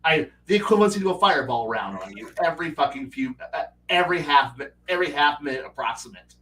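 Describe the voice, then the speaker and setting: A man hosting a casual livestream, telling profane, animated stories about running a tabletop game. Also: fairly high pitch, quick pace, far from the mic, slight background noise, rough recording. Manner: animated, profane storytelling with acted player quotes. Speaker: stream host and game master.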